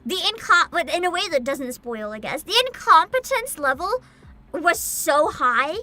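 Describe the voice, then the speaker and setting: A woman streamer chatting casually on a livestream, excitable and giggly, often humming and squealing. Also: very high voice, unhurried. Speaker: streamer reacting to a game showcase. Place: home streaming setup.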